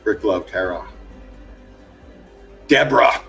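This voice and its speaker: Effusive man giving shout-outs. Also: mid-range voice, unhurried, pauses often. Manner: effusive, calls viewers darling, laughs often. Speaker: livestream host. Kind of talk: casual livestream shout-outs. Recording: faint music behind.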